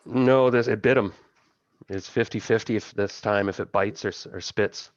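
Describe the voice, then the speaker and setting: Low-ish guy gm-ing a tabletop game over a call, muffled dull audio, dry sound. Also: normal speed, no echo. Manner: casual, laughing, thinking aloud. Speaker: game master.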